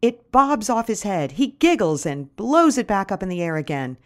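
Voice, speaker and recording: Lively woman telling comic stories. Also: mid-range voice, moderate pace. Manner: wry, dramatic storytelling. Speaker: podcast host and storyteller. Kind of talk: comic first-person storytelling.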